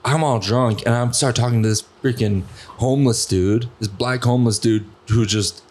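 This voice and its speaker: A man's voice: mid-range voice, steady tone, moderate pace, a little mellow. A young man hosting a podcast, telling stories in a rambling, profane way full of fillers. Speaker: podcast host. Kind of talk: casual podcast chat.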